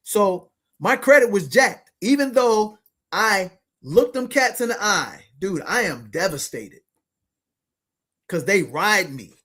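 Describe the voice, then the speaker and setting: A man in his fifties telling a motivational story to his listeners, animated and slangy, often calling out to them as ladies and gentlemen. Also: sits high, slow pace, slightly rough. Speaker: podcast host and money coach.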